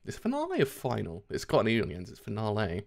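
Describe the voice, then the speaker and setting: A young man streaming a live reaction to a manga chapter, excitable, laughing often and swearing freely. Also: lowish voice, quick pace, gravelly.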